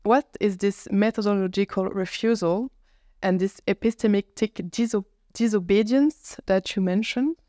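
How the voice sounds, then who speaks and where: A woman's voice: medium pitch, moderate pace, mellow, no echo, clean studio sound. A woman moderating a conference panel, asking thoughtful questions with slight stumbles. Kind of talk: academic panel discussion.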